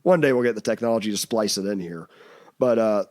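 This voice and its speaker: A man's voice: lowish voice, brisk, darkish tone. Rambling, laughing man. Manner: rambling, laughs often, slips into mocking quoted voices. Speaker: podcast host. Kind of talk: casual comedic chat.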